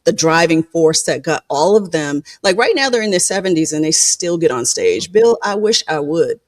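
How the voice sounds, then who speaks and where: Lively, laughing woman host. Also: lowish voice, moderate pace. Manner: animated storyteller, acts out quotes, laughs often. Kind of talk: casual interview chat.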